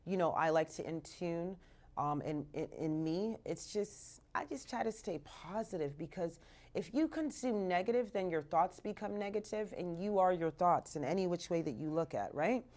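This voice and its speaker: Woman, radio host, raised in Canada, lower voice, chatty, animated, patois phrases, studio. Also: normal speed. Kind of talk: casual live radio talk.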